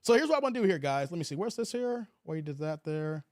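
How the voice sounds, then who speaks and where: A man hosts a loose, casual livestream, chatting to viewers and reading their comments aloud. His voice sits high for a man, and the sound is dry and close with no room around it. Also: sing-song, fast, a little mellow, no echo. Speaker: livestream host.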